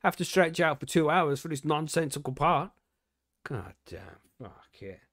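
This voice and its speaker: A man's voice: fairly high pitch, very animated, a little slow, fairly bright tone, no echo, clean studio sound. A man hosting a podcast, chatting casually with loose, swearing banter and plenty of fillers. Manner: swearing, laid-back banter with frequent fillers. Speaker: podcast host. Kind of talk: casual chat.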